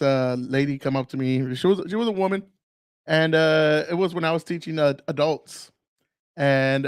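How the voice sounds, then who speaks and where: A man with a fairly high voice talks bluntly and crudely, swearing freely in a casual podcast monologue. He acts out other people's voices mid-story. The sound is dry and close, with no room echo. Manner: tells stories by mimicking others. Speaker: podcast host.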